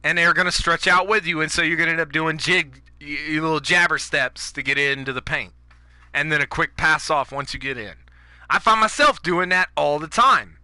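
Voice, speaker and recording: A man's voice: a little high, normal speed, sharp tone, no echo. A man ranting over gameplay, profane and fired up, going after other players' habits. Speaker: gaming YouTuber.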